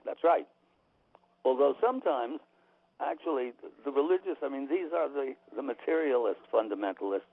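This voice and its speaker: A man's voice: mid-range voice, animated, normal speed, creaky, slightly rough, no room sound. A man being interviewed on the radio, talking emphatically and opinionatedly with frequent restarts, heard over a tinny phone line. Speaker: author and guest.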